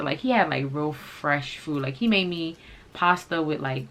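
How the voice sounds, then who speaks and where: Low-voiced woman telling a profane storytime. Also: a little slow. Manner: animated, profane, slangy storytelling. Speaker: vlogger. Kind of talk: casual storytime.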